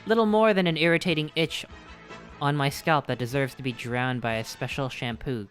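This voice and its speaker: A man's voice: mid-range voice, moderate pace, soft background music, lightly acted. A man reading aloud as an arrogant evil knight who was once a childhood doll, in a melodramatic villain delivery. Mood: gloating. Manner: melodramatic villain reading, swings to panicked shouting. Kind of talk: reading game dialogue aloud.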